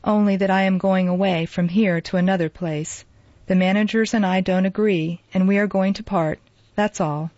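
Woman doing sick sad older guy, murmury and husky, dull dry lo-fi sound. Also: mid-range voice, fairly even intonation, normal speed, darkish tone, dry recording, natural voice. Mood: weary. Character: ailing middle-aged man, sad and forgiving.

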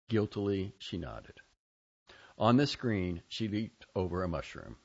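Expressive low-voiced male story narrator. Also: unhurried, gravelly, slightly rough, highs cut off. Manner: expressive reading with big swings between quiet and loud lines. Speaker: audiobook narrator. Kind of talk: scripted first-person narration.

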